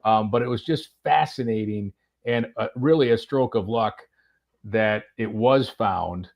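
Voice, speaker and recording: Low-voiced man telling a story, lo-fi. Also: unhurried, gravelly. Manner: animated anecdote-telling with many fillers and restarts. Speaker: golf radio reporter and podcast guest. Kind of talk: casual storytelling chat.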